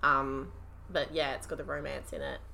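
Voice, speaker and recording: A woman's voice: rumbling low, level tone, moderate pace, creaky, sharp tone, a little hiss or hum. A woman in her twenties with an Australian accent, co-hosting a casual podcast and rambling with lots of "like" and "um". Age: 20s. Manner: rambling, filler-heavy. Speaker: podcast co-host. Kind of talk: casual chat.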